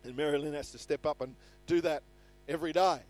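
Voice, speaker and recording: Man, older pastor, earnest sermon, high voice, soft music underneath. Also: fairly quick. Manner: earnest preaching, reads scripture aloud with rising emphasis. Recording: faint music behind.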